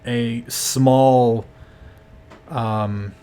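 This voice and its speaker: A man's voice: medium pitch, fairly even intonation, dark tone, clear, resonant tone. Man narrating a tabletop game with many fillers. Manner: measured, hesitant with many fillers. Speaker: game master.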